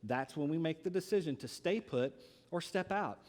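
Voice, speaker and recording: A man preaching a sermon in a church, telling a personal story in a lively way with pauses. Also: fairly high pitch, in a large hall. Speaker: pastor.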